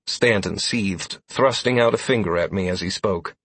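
A man narrating a first-person fantasy story in an expressive way, with defiant dialogue. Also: lowish voice, moderate pace, few pauses, slightly rough, no room sound. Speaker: audiobook narrator.

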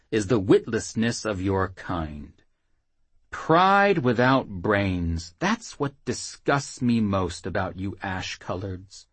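A man's voice: medium pitch, husky, no echo, pitched above the performer's own voice, heavily acted. Man voicing a sneering pompous captain. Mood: gloating. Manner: gloating, contemptuous, drawn-out sneers. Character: haughty sneering male captain, cruel and pompous.

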